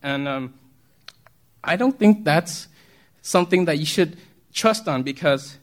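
A man's voice: fairly high pitch, expressive, unhurried. A man preaching a casual, conversational sermon, often asking the congregation questions and chuckling as he talks. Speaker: pastor.

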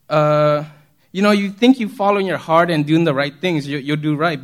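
A man with a voice pitched a little above most men preaches in a loose, conversational way. He keeps checking in with the congregation through quick questions and chuckles easily. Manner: chatty, asks the congregation questions, chuckles often. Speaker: pastor. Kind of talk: casual conversational sermon.

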